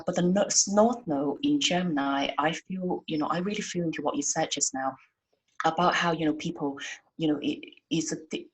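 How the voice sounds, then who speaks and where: A soft-spoken woman guest on a podcast, talking about astrology in a hesitant way, with many fillers. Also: low voice, breathy edge, low-quality recording. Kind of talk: casual conversation.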